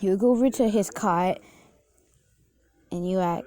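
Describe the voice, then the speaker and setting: A woman's voice: medium pitch, measured pace, mellow. A young woman casually narrating a reader-insert fan story, unpolished and chatty, with asides to the listener.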